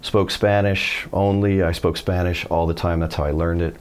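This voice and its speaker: Very deep-voiced man teaching Spanish. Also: moderate pace, clear, resonant tone. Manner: animated storytelling, acts out quoted voices. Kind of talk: video lesson.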